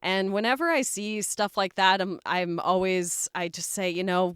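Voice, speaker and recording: A woman's voice: mid-range voice, normal speed, clean tone, no room sound, clean studio sound. A woman hosting a casual round-table podcast, talking candidly and poking fun at herself. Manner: candid, self-mocking, animated. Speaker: podcast host.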